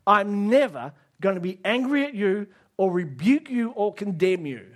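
A man preaching a sermon, emphatic, asking the audience direct questions and rising to near shouts on key lines. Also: high voice, big pitch swings, normal speed.

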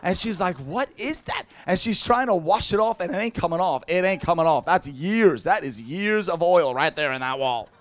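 This man speaks in a high voice and preaches as a lively storyteller. He jokes, laughs often and acts out the people in his stories. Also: normal speed, few pauses. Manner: animated, laughing storyteller who mimics people. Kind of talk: storytelling sermon.

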